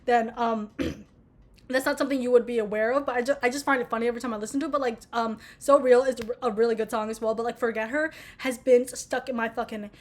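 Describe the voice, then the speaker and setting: Young woman vlogger, high voice, excitable rambling chat full of swearing. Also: quick pace. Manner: gushing, excitable, swears a lot. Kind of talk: casual rant to camera.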